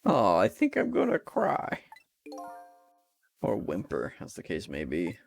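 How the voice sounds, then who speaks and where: A man's voice: low voice, huge pitch swings, a little slow, vocal fry, soft background music, full character voice. A man voicing a wry, dry-humored male ghost hero in a game, reading his asides aloud.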